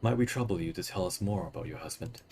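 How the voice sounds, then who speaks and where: A man's voice: low voice, fast, darkish tone, a little hiss or hum. A man voicing a polite, sympathetic adventurer hero who speaks in formal phrases.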